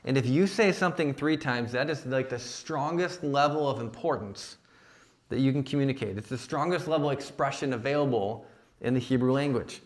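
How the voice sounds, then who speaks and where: A man's voice: medium pitch, brisk. A man giving a sermon at a young adults retreat, conversational, often checking in with "right?". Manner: conversational preaching, frequent "right?" and "like". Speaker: young adult ministry speaker. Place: church retreat session.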